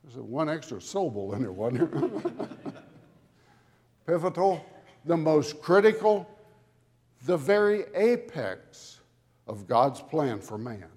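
A man preaching a sermon to a congregation with dramatic emphasis, building to loud peaks on key words. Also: medium pitch, sing-song, breathy edge. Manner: dramatic, slow emphatic delivery with swelling loudness. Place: church sanctuary. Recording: long hall reverb from a church. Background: congregation audience.

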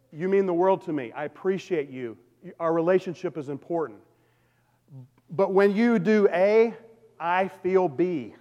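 A pastor with a fairly high, darkish voice preaches in a church sanctuary, talking conversationally and calling out to the congregation. The recording has a hall's long reverb and its highs are cut off.

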